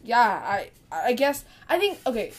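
A teenage girl co-hosting a casual podcast, chatting away as she tells a story. She talks with a lot of fillers and acts out the lines of the people in it, in a voice a bit higher than usual. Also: big pitch swings, moderate pace. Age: teens. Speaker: podcast co-host. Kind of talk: casual chat.

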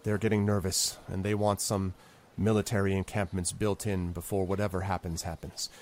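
A man voicing a stern, protective female companion who speaks firmly and quietly. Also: low voice, little pitch movement, normal speed, a little hiss or hum, lightly acted. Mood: warning. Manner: firm, quiet, warning.

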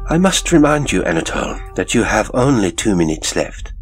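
A man's voice: animated, measured pace, soft background music, low-quality recording. A man voicing a sinister older male circus director who stays mockingly polite. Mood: silkily menacing. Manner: smooth, mocking politeness with sudden high lilts.

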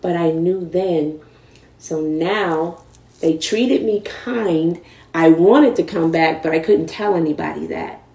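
Lively storytelling woman, roomy sound. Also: on the low side, slow, creaky, distant mic. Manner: animated, acts out quoted voices. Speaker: guest. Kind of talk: candid storytelling conversation.

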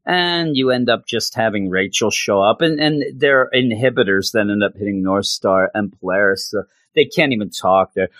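A man's voice: lowish voice, normal speed, fairly bright tone, no room sound. A man hosting a podcast, recapping a comic in a sarcastic, exasperated way with stammering restarts. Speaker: podcast host. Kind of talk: casual comic book recap.

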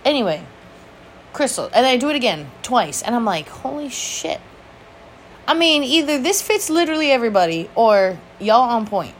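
Chatting casually on her own show, a woman with a slightly high, sing-song voice tells a meandering story about her life a little quickly. She curses freely, laughs often, mocks herself and drifts into tangents, with faint background noise behind her.

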